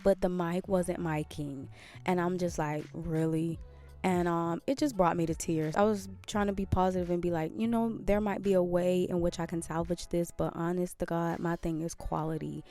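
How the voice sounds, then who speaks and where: A woman's voice: fairly low pitch, fairly even intonation, normal speed, mellow. A woman hosting a podcast, talking earnestly in a casual motivational monologue and repeating phrases for emphasis. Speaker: podcast host.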